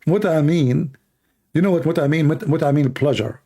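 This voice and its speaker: A hoarse man hosts a live Q&A stream in non-native English, arguing through rapid rhetorical questions. His voice is gravelly and husky, with a dark, mellow tone. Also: a little high. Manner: argumentative, fires rhetorical questions. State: hoarse, coughing. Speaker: debate livestream host.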